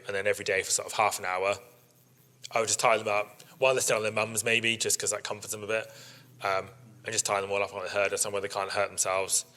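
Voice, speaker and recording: A man with a bright, forceful tone and a fairly low voice tells stories from the show ring to a live workshop crowd. He is chatty and animated, acting out quotes and laughing as he goes. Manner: chatty storyteller, acts out quotes, laughs often. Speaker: sheep breeder giving a workshop talk. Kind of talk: informal presentation to an audience. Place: live workshop in front of an audience.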